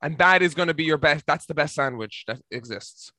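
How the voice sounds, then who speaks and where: An Irish man in young adulthood, a comedian guest telling a story on a casual podcast with deadpan mock seriousness. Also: a little high, brisk, no room sound.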